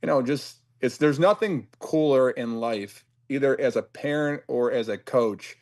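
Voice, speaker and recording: A man from Cleveland, a football coach, giving reflective interview answers in a thoughtful, measured and earnest way. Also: medium pitch. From Cleveland, USA.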